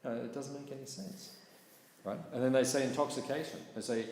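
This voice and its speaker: A man teaching a scripture class in a relaxed, conversational way, often checking in with his listeners. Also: medium pitch, fairly quick. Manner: conversational, keeps asking "right?". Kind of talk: casual scripture class talk. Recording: echoey hall with faint noise.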